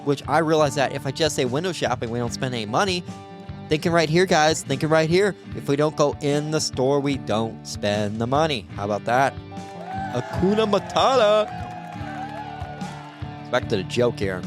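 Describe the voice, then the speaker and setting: A man's voice: medium pitch, a little fast, music in the background. A man hosting his own comedy podcast, delivering a rambling, sarcastic solo monologue of jokes with frequent restarts.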